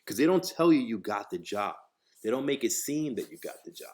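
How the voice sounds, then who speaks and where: A man's voice: medium pitch, fairly quick. A man hosting a podcast, telling a story in casual, profane talk, acting out the voices of the people in it. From New Jersey, USA. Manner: profane, animated, acts out quoted voices. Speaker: podcast host.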